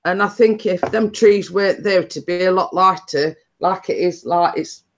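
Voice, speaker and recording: A woman's voice: fairly low pitch, moderate pace, slight background noise. A woman hosting a chatty live stream, telling stories in a rambling way with many restarts.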